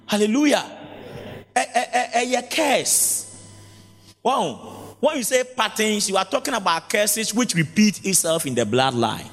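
A man's voice: sits high, big pitch swings, a little slow, fairly bright tone. A man preaching a sermon as pastor, mixing Twi and English with sing-song rises. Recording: long reverb of a large hall.

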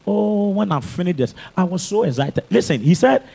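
A Ghanaian man in his thirties, a pastor preaching an animated sermon. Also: high voice, moderate pace, gravelly. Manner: animated preaching mixing English and Twi.

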